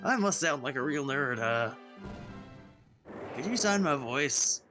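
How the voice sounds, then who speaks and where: A man voicing an eager, starstruck young fossil fighter, reading game dialogue aloud slowly. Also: a little high, lively intonation, pushed and bright, soft background music, pitched below the performer's own voice, full character voice.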